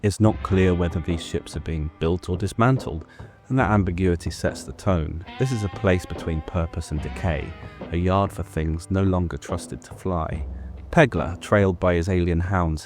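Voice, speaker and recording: A man giving a scripted, measured breakdown of a TV episode, with some rambling off-script asides. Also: low-pitched. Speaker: show commentator. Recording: voice over clear guitar music.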